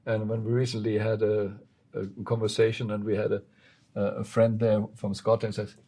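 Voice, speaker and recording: A man hosting an interview, prompting his guest with short, halting cues. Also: on the low side, completely flat delivery, warm tone, slightly rough. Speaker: host, interviewer. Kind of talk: interview chat.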